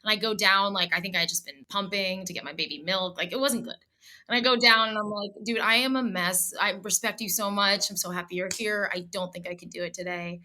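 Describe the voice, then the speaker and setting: A woman's voice: mid-range voice, brisk. A woman in her thirties from the Boston area, a singer-songwriter guest in a casual interview, telling stories and acting out quoted voices. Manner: animated, acts out quoted voices.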